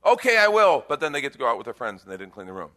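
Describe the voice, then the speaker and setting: A man preaching a sermon as pastor, animated, acting out little voices. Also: on the low side, very fast.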